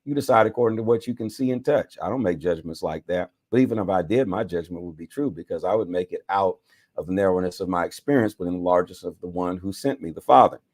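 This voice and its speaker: A man's voice: sits low, quick pace, darkish tone, no room sound, studio quality. A man, a bishop, reading scripture aloud with dramatic emphasis, now and then correcting himself and adding his own remarks. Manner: dramatic reading with self-corrections and side comments.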